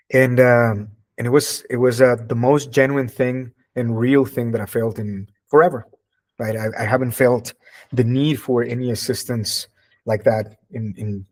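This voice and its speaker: A man's voice: mid-range voice, a little mellow. Earnest man telling a personal story. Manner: earnest, emotional, candid. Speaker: spiritual teacher.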